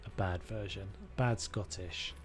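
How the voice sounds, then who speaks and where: With faint music playing behind him, a young man speaks in a low voice at a measured pace while streaming a renovation game. He mutters and thinks aloud as he builds, casually commenting and poking fun at himself.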